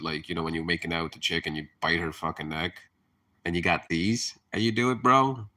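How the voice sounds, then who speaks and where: Male streamer, low voice, laughs a lot and swears casually while chatting to viewers. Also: pushed and bright. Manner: rambling, laughing, cursing freely; hyper, chatty. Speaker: live streamer. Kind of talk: casual live-stream chat.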